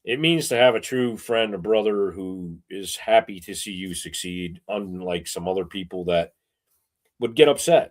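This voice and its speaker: A man co-hosting a casual chat show who rambles through animated stories full of fillers. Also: fairly low pitch, normal speed. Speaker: co-host.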